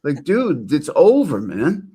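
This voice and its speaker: Relaxed, joking woman guest. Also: sits low, slow pace, slightly rough. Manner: relaxed, joking, trails off mid-thought. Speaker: guest co-host. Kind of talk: casual chat.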